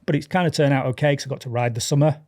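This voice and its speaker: A man's voice: mid-range voice, fairly even intonation, racing, a little mellow. A man chatting as a podcast guest, animatedly acting out dialogue and laughing often. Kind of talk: casual chat.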